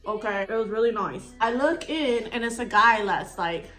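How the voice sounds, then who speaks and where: A woman's voice: a little high, lively intonation, normal speed, pushed and bright, faint music behind. A woman, chatting casually as she tells a story while getting ready at home. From Texas. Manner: chatty, rambling, acts out dialogue. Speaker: storytime YouTuber. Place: at home indoors by a window.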